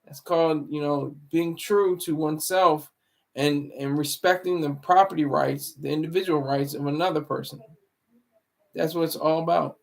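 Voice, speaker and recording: A man talks through a live stream in a rambling, moralizing way, stopping to restart words as he goes. His voice sits a little high with a gravelly fry underneath. It sounds like a home setup for a casual commentary stream. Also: steady tone, moderate pace. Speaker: livestream commentary host.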